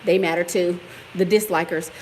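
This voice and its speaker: Sassy, animated woman vlogging at home. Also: fairly low pitch, normal speed, rough recording. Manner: sassy and animated, talks back to commenters, laughs often. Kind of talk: casual vlog chat. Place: at home, moving around the house and yard. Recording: home recording with clear background noise.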